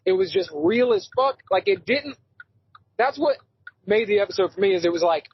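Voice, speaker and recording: A man co-hosting a podcast, animated in casual chat and swearing freely. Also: sits high, normal speed, breathy edge, dry recording, muffled recording. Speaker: podcast co-host.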